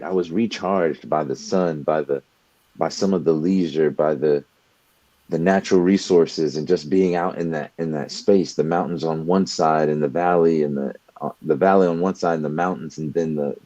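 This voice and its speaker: A young man talks in an earnest, motivational way, often doubling back on his words as he builds toward a point. His voice sits very low and mellow. The recording is dry and a little dull, with no room sound. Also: moderate pace, no echo. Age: young adult. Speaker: podcast co-host. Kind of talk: motivational talk.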